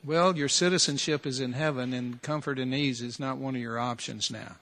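Long hall reverb carries this American preacher's medium-pitched, fairly bright voice. He keeps his intonation fairly even and his pace moderate while earnestly challenging his congregation again and again with rhetorical questions.

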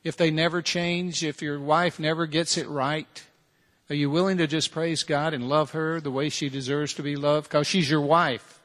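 A man delivers a sermon with a somewhat raised pitch, pressing his listeners with repeated challenges and rhetorical questions. His voice rings out in a large hall with a long, lingering reverb. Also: flat delivery, moderate pace, fairly bright tone. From United States. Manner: earnest, direct preaching full of repeated challenges and rhetorical questions. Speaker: preacher.

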